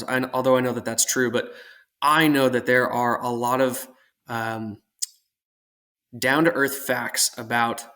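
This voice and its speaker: A man's voice: medium pitch, fairly bright tone. Earnest man from Oregon talking it through. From Portland, Oregon. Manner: earnest, reflective, speaks at length. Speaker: guest, armorer. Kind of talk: casual podcast conversation.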